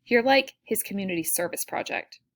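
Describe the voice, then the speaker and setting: A woman's voice: mid-range voice, expressive, a little fast, lightly acted. A woman voicing a cruel, jealous teenage girl in an audiobook, speaking in a spiteful whisper.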